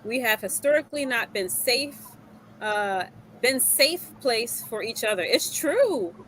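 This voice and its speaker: Brief: woman co-host, lively and open, quick to laugh, slightly high voice. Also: a little hiss or hum, poor audio. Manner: animated, laughs often, emotional. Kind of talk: casual talk show chat.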